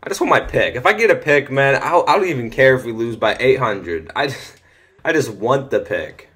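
A teenage gaming commentator plays a football video game in his bedroom, speaking at a normal speed with a pitch in the middle for a young man. Mostly he mumbles and talks to himself, but he gets loud and thrilled when a play works out for him.

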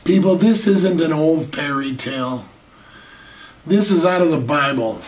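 A man's voice: on the high side, expressive, a little slow, crowd noise. A man preaching a sermon earnestly, stretching out key words and asking rhetorical questions, recorded from a distance in an echoey room. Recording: echoey room, mic far off.

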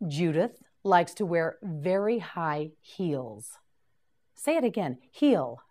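A woman teaching English vocabulary in a slow scripted lesson, patiently repeating each word for learners to copy. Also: lowish voice, sing-song, darkish tone.

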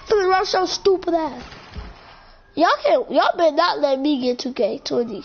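A woman gamer playfully trash-talks and swears while commenting on her gameplay, speaking at a moderate pace in a high-pitched, animated voice. Her dull lo-fi mic picks up faint background noise.

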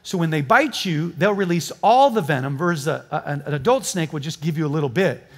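A pastor preaching a sermon before a congregation, telling a story and joking with the people. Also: male voice, on the high side, animated, a little fast, slightly rough. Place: church before a live congregation.

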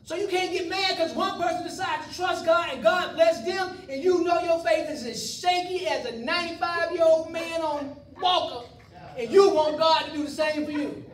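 A man's voice: very high voice, normal speed. A man preaching a sermon to his congregation in a folksy style, with joking asides to the crowd. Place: church sanctuary. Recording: echoey room, voice from far off mic.

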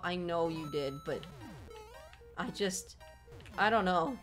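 A woman's voice: lowish voice, lively intonation, slow pace, a bit bright, faint music behind. A woman streaming a video game, ranting with melodramatic, profane frustration at a level she is playing. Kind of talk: gameplay livestream commentary.

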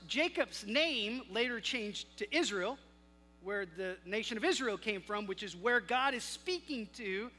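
A male pastor preaching a sermon, with a dynamic delivery that swings between loud emphasis and hushed asides. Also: sits high. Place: church sanctuary. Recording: long hall reverb with faint music.

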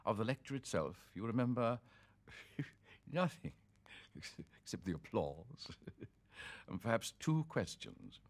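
Deep-voiced man in theatrical recitation. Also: big pitch swings, slow, long pauses, breathy edge. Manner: theatrical, sonorous, sweeping swings of loudness. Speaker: reader. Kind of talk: dramatic reading of literary prose.

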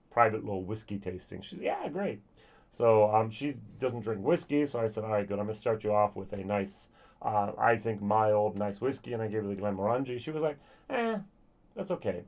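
A man's voice: lowish voice, darkish tone. A man giving a casual spoken whisky tasting review, chatty and thinking aloud with frequent ums and restarts. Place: lives in Germany.

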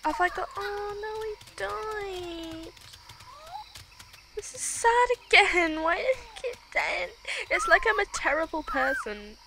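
Excitable woman playing a game. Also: extremely high pitch, takes it slowly, background noise. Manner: chatty, excitable, giggly. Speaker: gaming channel host. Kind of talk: let's play commentary.

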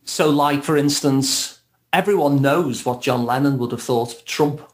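A man's voice: medium pitch, unhurried. Liverpudlian male guest, mid-range voice, thoughtful and easygoing. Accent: Liverpool (Scouse). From Liverpool, England. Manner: reflective, laughs lightly as he talks. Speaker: podcast guest, therapist. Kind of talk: casual podcast conversation.

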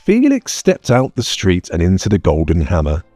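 A man narrating a fantasy audiobook in a measured storytelling manner. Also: low-pitched, wildly swooping pitch, mellow, no echo. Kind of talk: scripted narration. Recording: dry close mic, faint music bed.

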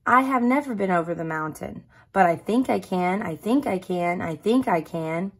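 A kind, plucky little blue engine from a storybook, speaking gently and with steady determination, as a woman reads her. The voice is soft and a little breathy. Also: lowish voice, normal speed. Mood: determined.

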